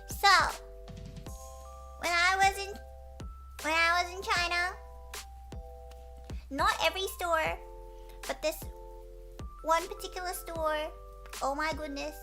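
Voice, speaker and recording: A woman streamer chatting casually and telling a story in an animated way, swearing and restarting often. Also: high-pitched. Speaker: streamer host. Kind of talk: casual chat. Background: background music.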